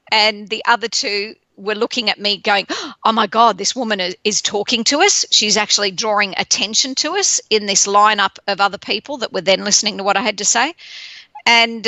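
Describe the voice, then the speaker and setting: Woman host, bright gravelly tone, lively storyteller, laughs a lot, dry close sound. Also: fairly high pitch, no room sound. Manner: lively, laughs often, plays out quoted voices. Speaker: podcast host. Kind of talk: personal storytelling monologue.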